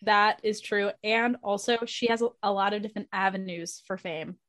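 A woman hosting a casual podcast chat, talkative and quick to laugh. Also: mid-range voice, flat delivery, fairly bright tone, no echo, clean studio sound. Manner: chatty, laughs easily. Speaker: podcast host.

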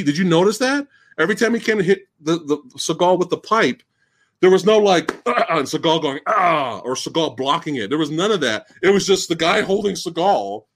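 A man hosting a live-stream movie discussion who rants in an excitable, incredulous, profane way. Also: on the high side. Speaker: host.

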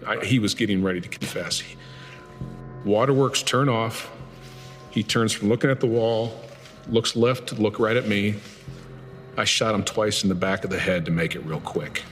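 Lower-voiced man recounting an interrogation. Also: moderate pace, long pauses, big-room sound, slight background noise. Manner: animated storytelling, voice rising in intensity. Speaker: retired FBI agent interviewee.

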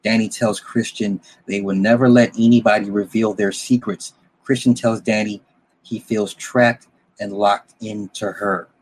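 A man's voice: lowish voice, flat delivery, measured pace. A man recapping a film's plot in a loose, rambling way, blunt and profane, with frequent restarts and asides to the listener. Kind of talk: casual spoken story recap.

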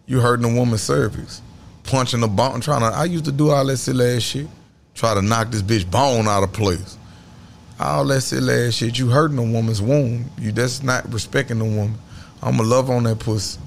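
Man, thirties, interview guest, blunt, preachy, self-assured, middle pitch, faint noise behind. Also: moderate pace, creaky. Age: 30s. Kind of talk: casual interview talk.

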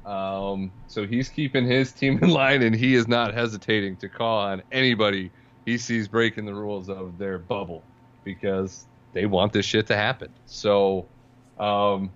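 A man's voice: lowish voice, steady tone, moderate pace, a bit bright. Dry, sarcastic podcast man, lo-fi sound. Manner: dry, sarcastic, laughs while talking. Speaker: podcast co-host. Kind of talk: casual sports podcast chat.

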